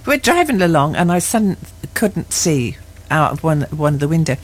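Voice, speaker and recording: A woman's voice: sits low, big pitch swings, moderate pace, slightly rough. A woman co-presenting a radio show, teasing her co-host with mock indignation and frequent giggles. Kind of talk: playful radio banter.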